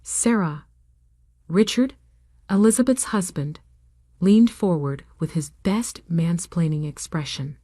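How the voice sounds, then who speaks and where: A woman reading a first-person story as scripted narration, in a measured, even way. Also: lowish voice, no echo, studio quality.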